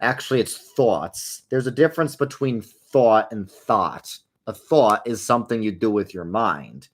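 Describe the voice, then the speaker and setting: Speaking at a moderate pace in a fairly low, animated voice, a young man hosts a laid-back livestream and fields viewer questions as he plays. He wanders along conversationally, tossing in wry, sarcastic comments.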